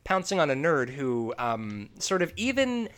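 A man hosting a casual movie review chat, talking in an animated, profane way and laughing often. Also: a little high, measured pace, clean tone. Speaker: podcast host.

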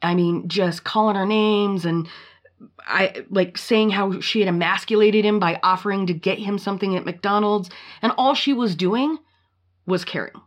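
Woman, podcast host, casual storytelling, blunt, profane, mid-pitched. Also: normal speed. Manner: blunt and profane, animated retelling.

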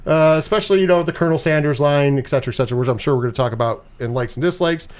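A man's voice: on the high side, rapid-fire. A man hosting a casual movie review podcast, chatting loosely, swearing often and laughing along with his co-hosts. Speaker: podcast host.

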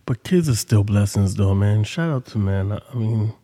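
A man's voice: lowish voice, expressive, normal speed, dark tone, big-room sound. A man hosting a podcast, telling a story in casual monologue with loose, profane street talk. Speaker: podcast host.

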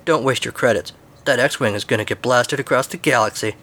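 A man voicing a gloomy, scornful male rat who talks in a deadpan way. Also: mid-range voice, fairly quick, a little hiss or hum, natural voice.

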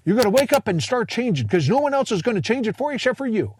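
A man's voice: very high voice, very animated, quick pace, darkish tone, a little hiss or hum, pitched above the performer's own voice. A man putting on a folksy middle-aged man with a Kentucky twang who repeats himself as he urges listeners to change their lives. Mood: exhorting. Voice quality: twangy drawl. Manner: preachy, pushy motivational urging, repeats himself.

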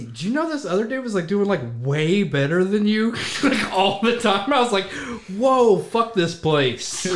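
A man guesting on a podcast, telling animated stories in casual chat and laughing and swearing often. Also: medium pitch.

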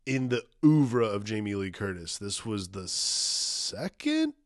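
A man co-hosting a casual film podcast, relaxed and rambling, with frequent restarts and some swearing. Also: on the low side, slow pace, dry recording, studio quality. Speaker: podcast co-host.

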